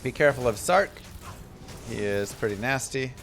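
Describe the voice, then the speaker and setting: A man's voice: medium pitch, lively intonation, normal speed, fairly bright tone, slight background noise. A man chatting casually on a live stream while playing a game, telling stories and reading chat between play. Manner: chatty, anecdotal, reads chat aloud.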